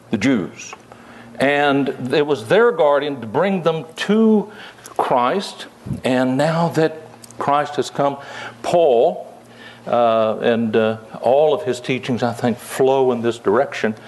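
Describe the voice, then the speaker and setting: An older man teaching the Bible in a folksy, conversational way, with many fillers and asides. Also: fairly high pitch.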